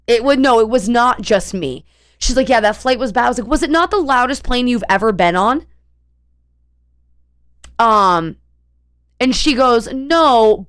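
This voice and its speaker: A woman's voice: a little high, clean tone. A young woman streamer telling a long story in a casual, rambling way, full of fillers and restarts.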